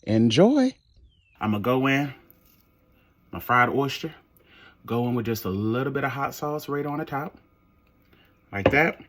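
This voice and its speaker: A man from Maryland hosting a casual cooking tutorial in his home kitchen, sassy and animated, calling viewers honey and swearing casually. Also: mid-range voice, a little slow, long pauses, slight background noise. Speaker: cooking channel host.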